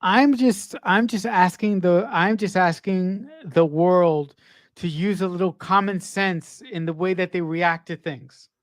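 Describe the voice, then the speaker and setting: Co-host, mid pitch, dry close sound, mostly short agreeing replies. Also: no room sound. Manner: short agreeing replies, measured when taking a turn. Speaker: watch-along co-host. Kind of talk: casual chat.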